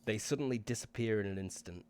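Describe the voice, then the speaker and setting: A man narrating scenes as game master of a tabletop role-playing game in a relaxed way. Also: lowish voice, quick pace.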